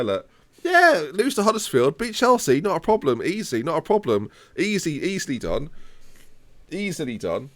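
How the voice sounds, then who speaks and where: A man in his late twenties, a streamer ranting in theatrical mock outrage during a live game stream, rambling and repeating himself. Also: medium pitch. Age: late 20s. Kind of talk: live gaming stream rant.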